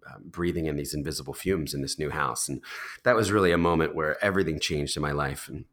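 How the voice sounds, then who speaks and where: Very deep-voiced man in his thirties. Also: fast talker, fairly bright tone. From United States. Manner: thoughtful, with frequent ums, uhs and restarts. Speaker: interview guest. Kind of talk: conversational storytelling. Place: New York City.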